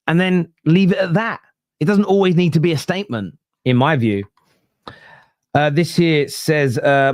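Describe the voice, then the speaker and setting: Chatty football podcast host, dry sound. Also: male voice, a little high, darkish tone, dry recording. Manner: chatty, frank, reacts to viewer messages. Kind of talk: casual live-stream chat.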